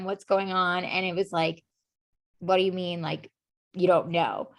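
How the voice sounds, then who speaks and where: A woman's voice: on the low side, fairly even intonation, unhurried, long pauses. A woman guest on a podcast, telling her personal story earnestly and openly, with lots of "like" and "you know" fillers. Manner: earnest and emotionally open. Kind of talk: candid personal storytelling in conversation.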